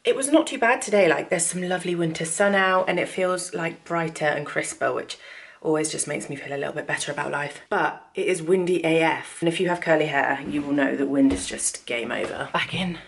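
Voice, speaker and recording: A woman's voice: sits low, a little fast, vocal fry, slightly rough. A woman in her thirties vlogging at home in a chatty, self-deprecating way, sometimes dropping to a whisper. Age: 30s. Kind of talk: casual vlog chat.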